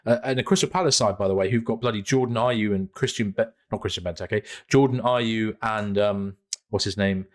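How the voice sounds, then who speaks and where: A man's voice: fairly low pitch, fairly quick. A man co-hosting a football podcast, chatting casually in a rambling, slangy, jokey way. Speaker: podcast co-host. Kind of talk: casual chat.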